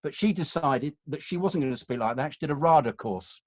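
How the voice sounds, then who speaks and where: A posh English actor, appearing as a guest, reminisces conversationally in an anecdotal, digressive way with an upper-class accent. His voice sits on the high side, brisk and darkish with lively intonation, captured in a dry, close recording with no room sound.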